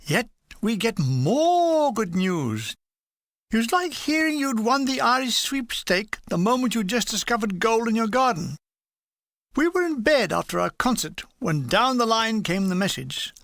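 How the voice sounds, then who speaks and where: A woman's voice: fairly high pitch, big pitch swings, measured pace, fairly bright tone, dry recording. An older woman reading a comic war memoir aloud, with dry comic timing. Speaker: reader.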